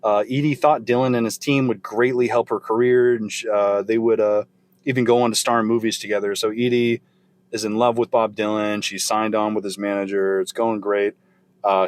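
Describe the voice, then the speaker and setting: Male podcast host, casual and salty storyteller, mid-pitched. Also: dry recording. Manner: profane, loose, recounting from notes.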